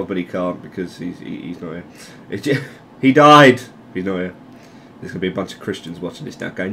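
A man giving casual, rambling commentary over a video game, joking, laughing often and breaking into loud exclamations. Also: fairly low pitch, lively intonation, a little slow, pauses often, a little hiss or hum. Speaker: gameplay commentator.

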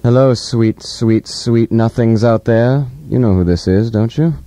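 A man's voice: lowish voice, measured pace, dark tone, no echo. A young man hosting a college radio show from the studio, in irreverent casual banter. He talks in a mock-grandiose, profane way, often stammering and repeating words. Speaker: radio host. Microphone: studio mic, monitoring on headphones.

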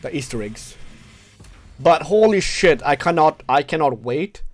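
A male streamer reacting to a game trailer at his PC, hyped and swearing, repeating words, his voice going hoarse. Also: measured pace. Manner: hyped, swearing, repeats words, pitch jumps when excited. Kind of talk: excited casual reaction chat. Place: home room at his PC.

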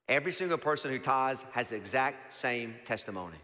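A male pastor preaching a sermon in a conversational style, full of rhetorical questions, moving between emphatic and hushed moments. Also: medium pitch, lively intonation, a little fast, few pauses. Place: church auditorium. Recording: long church hall reverb.

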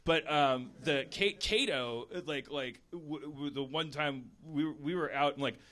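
A man's voice: on the high side, unhurried, a bit bright. A man hosting a podcast, chatting casually in a rambling, jokey way with many restarts. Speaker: podcast host. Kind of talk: casual chat.

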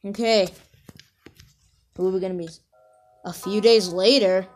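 A woman rambling excitedly through casual reaction commentary, talking straight to her viewers. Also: mid-range voice, measured pace. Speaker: reaction video host. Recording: music under the voice. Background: video music playing.

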